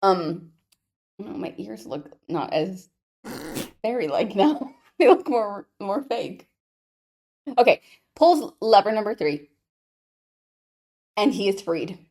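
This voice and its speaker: A woman's voice: medium pitch, sing-song, slow pace, pauses often, darkish tone. A young woman co-hosting a podcast, chatting casually about a book with playful jokes. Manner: joking, playful asides. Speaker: podcast co-host. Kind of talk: casual book recap chat.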